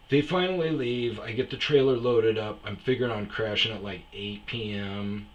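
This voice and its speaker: A man's voice: on the low side, moderate pace, few pauses, lo-fi sound. A man hosting a casual storytelling show, swearing freely and acting out the dialogue. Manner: profane, animated, acts out dialogue. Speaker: storyteller host.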